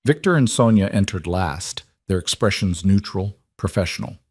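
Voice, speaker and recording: A man narrating a dramatic story in a calm, even reading voice. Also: deep voice, normal speed, husky, dry recording, clean studio sound.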